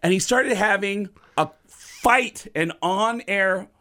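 A middle-aged male comedian telling a story in an animated, profane, casual way. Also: high-pitched, takes it slowly. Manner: animated, profane, laughs between bits. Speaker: comedian guest.

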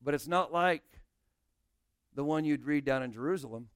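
A man's voice: on the high side, moderate pace, clear, resonant tone, no room sound, studio quality. A male pastor preaching a sermon, explaining scripture and speaking directly to his congregation.

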